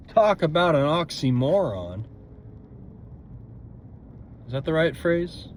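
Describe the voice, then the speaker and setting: A man's voice: a little high, lively intonation, a little slow, pauses often. A young man rambling to himself while driving, tired and cranky, swearing at other drivers. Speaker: vlogger. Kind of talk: casual driving monologue. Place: inside a moving car. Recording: loud road noise.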